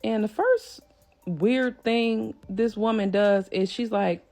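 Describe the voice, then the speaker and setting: A woman telling a personal family story to her viewers in a casual, animated way, often speaking to them directly as y'all. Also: on the high side, takes it slowly, soft background music.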